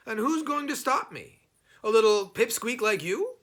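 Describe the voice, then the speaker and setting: A man's voice: very high-pitched, lively intonation, measured pace, fairly bright tone, pitched above the performer's own voice, full character voice. A man voicing a clever, unflappable folk hero in a storybook reading, cheerful and teasing.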